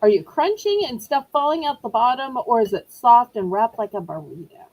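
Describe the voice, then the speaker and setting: A woman's voice: a little high, expressive, normal speed, darkish tone, poor audio. A middle-aged woman hosting a live online auction, chatting in a rambling, apologetic way. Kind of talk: live-stream selling chat.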